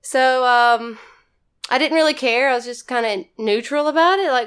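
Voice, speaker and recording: A woman's voice: sits high, normal speed, fairly bright tone, smooth. A woman from Mississippi, a podcast guest telling stories casually with laughs. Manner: chatty, laughing, says y'all. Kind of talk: casual storytelling.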